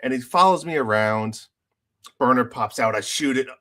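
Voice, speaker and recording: Bright-voiced man telling gaming stories. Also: medium pitch, moderate pace. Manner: animated storyteller, acts out other players' lines. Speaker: podcast co-host. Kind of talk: casual gaming chat.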